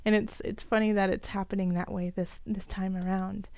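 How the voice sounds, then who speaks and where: A woman's voice: medium pitch, little pitch movement, normal speed, a little mellow, dry recording, lo-fi sound. Lady doing a tarot reading, earnest and encouraging, dry close sound, lots of ums. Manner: earnest, encouraging, many fillers and restarts. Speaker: tarot reader. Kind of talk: tarot reading for the zodiac signs.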